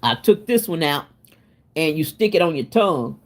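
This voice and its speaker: A woman hosting a casual cooking livestream, chatty and expressive, laughing and answering her viewers while she cooks in her home kitchen. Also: low-pitched, normal speed. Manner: chatty and expressive, laughing and talking back to chat. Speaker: livestream host.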